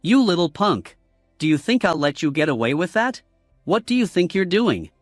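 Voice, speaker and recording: A man's voice: high voice, very animated, moderate pace, dry recording, clean studio sound, faint music behind. A man voicing a hot-tempered young male soccer player who snaps out angry insults.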